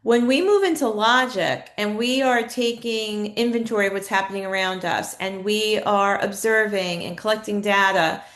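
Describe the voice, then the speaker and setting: A woman's voice: mid-range voice, moderate pace, few pauses, fairly bright tone. A woman leading a live online training in a conversational way, asking her audience questions and reading their chat replies aloud. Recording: echoey room.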